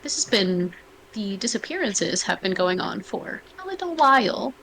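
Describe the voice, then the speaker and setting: A woman's voice: medium pitch, big pitch swings, moderate pace, a bit bright, slight background noise, poor audio. A woman playing in a tabletop game, speaking casually and matter-of-factly. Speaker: player. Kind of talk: casual in-character play.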